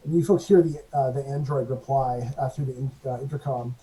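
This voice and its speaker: A man running a tabletop horror game as game master, narrating scenes with many pauses and fillers. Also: mid-range voice, steady tone, dark tone, poor audio. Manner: halting, filler-heavy narration.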